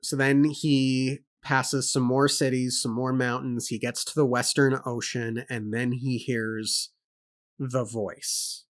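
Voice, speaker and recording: A man's voice: medium pitch, level tone, slow. A man co-hosting a book club podcast, thinking aloud and laying out his points and questions one by one. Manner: thoughtful, lists points and questions. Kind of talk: casual book discussion.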